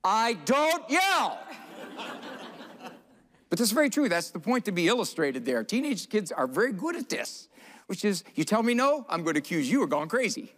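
This parenting speaker has a high, fairly bright voice and moves at a brisk, very animated clip. He's presenting live on stage, running a role-play with audience volunteers, poking fun at them and laughing as he goes.

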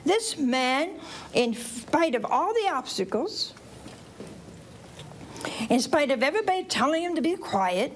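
Animated woman preacher with a twang. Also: sits high, a little slow, long pauses, a little hiss or hum. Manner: animated, asks the audience questions, acts out voices. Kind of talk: storytelling sermon to children and families.

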